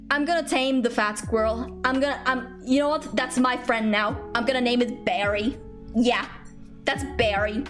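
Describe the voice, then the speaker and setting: A young woman streaming from home, chatting casually and playfully, giggling often, rambling and thanking viewers for gifts. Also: sits high. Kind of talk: casual live-stream chat. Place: home room.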